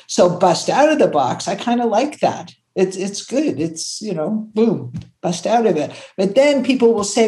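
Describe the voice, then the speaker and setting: An older woman from Canada, a creativity consultant, telling stories in an animated, conversational way and acting out the voices she quotes. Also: a little slow, few pauses. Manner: expressive, acts out quotes, jumps to high pitch when excited.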